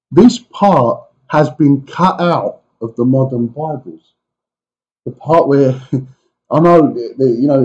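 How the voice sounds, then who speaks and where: A man preaching a conversational sermon as a pastor in a church, with animated asides to the congregation. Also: medium pitch, highs cut off.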